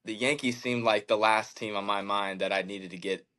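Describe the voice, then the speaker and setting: A man in his thirties, a podcast guest, telling a candid personal story in an earnest, halting way, with many fillers and restarts. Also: on the low side, fairly even intonation, sharp tone. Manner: emotional, reflective faith talk. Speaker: podcast guest, baseball pitcher.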